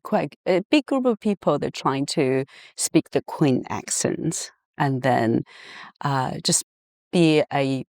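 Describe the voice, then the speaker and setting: A man's voice: medium pitch, expressive, slow pace, darkish tone, no room sound, clean studio sound. A man from China hosting an interview, asking eager probing questions and adding frequent short affirmations. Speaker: podcast host, interviewer. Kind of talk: conversational interview.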